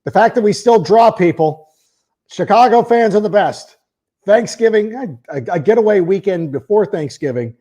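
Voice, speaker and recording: Animated man hosting a sports podcast. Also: high-pitched, normal speed. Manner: animated, rambling, repeats words when starting sentences; reads a sponsor ad in the middle. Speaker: podcast host. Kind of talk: casual sports talk monologue.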